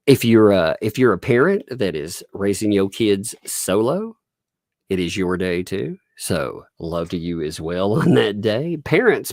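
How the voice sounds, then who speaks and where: A man in his thirties hosts a relaxed livestream, talking casually and laughing often. His voice sits low with a gravelly edge, and the sound is dry and close. He drifts into quoted voices while telling family stories. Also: no room sound. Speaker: livestream host.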